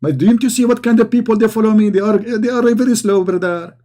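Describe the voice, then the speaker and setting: A man's voice: high voice, fast talker, dark tone, pitched above the performer's own voice, lightly acted. A man voicing an exasperated figure who whines and pleads in a raised, complaining tone. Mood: whining.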